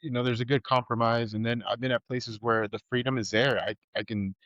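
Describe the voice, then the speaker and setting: A man's voice: mid-range voice, a little fast, no room sound, lo-fi sound. A man who works as a chef, chatting casually as a podcast guest in a laid-back way. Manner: relaxed, laid-back talk with easy laughs.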